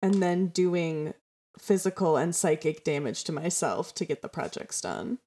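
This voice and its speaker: A woman's voice: deep voice, a little slow, warm tone. A woman hosting a casual podcast chat, enthusiastic and rambling, with lots of fillers and casual swearing. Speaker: podcast host.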